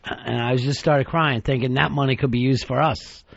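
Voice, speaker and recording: A man hosting a radio talk show, teasing his co-host with crude insults and deadpan dark jokes. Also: medium pitch, moderate pace, vocal fry, dry recording. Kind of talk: crude comedic radio banter. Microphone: studio microphone. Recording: dull dry radio studio sound.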